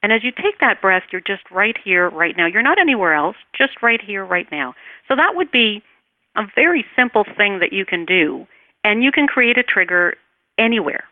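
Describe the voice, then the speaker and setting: A woman teaching meditation in an interview, speaking calmly and soothingly, and her voice trails off softly as she guides the breathing. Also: mid-range voice, normal speed, no echo. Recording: tinny phone line, dry.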